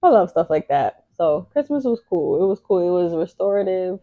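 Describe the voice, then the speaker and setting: A woman's voice: fairly low pitch, very animated, moderate pace, no room sound, phone-quality sound. A young adult woman co-hosting a podcast, sharing candid, emotional, faith-filled stories in casual chat. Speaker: podcast co-host.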